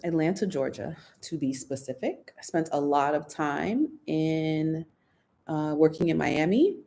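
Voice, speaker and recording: Chatty woman with a gravelly low voice. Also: lively intonation, measured pace, warm tone. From United States. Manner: chatty, reads viewer comments aloud and answers them. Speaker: host of a live Q&A stream. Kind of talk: casual live-stream Q&A.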